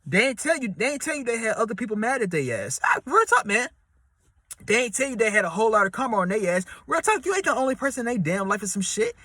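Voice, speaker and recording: A man with a high, bright voice talks, rambling and repeating himself as he hands out relationship advice. His speech is loose and full of slang. It sounds dry and close, with no room echo. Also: very animated, fast. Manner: slangy, repetitive, street-talk delivery; acts out quoted voices in a high pitch. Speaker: advice vlogger. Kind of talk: casual advice monologue.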